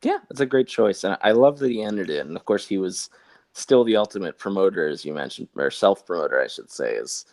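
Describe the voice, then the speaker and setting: A man's voice: deep voice, big pitch swings, fairly quick, darkish tone, no echo. A man co-hosting a casual podcast chat, rambling with wry asides and many fillers.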